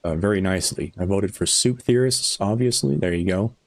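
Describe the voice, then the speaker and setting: A man's voice: low voice, a little fast, dry recording. A man live streaming a game, chatting casually with his viewers in a rambling, chuckling way, tired after hours on air.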